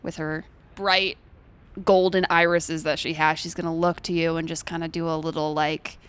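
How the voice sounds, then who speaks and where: A woman's voice: low voice, level tone, normal speed, fairly bright tone, clear, resonant tone. A woman chatting earnestly as a player in a tabletop game. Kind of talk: tabletop role-play.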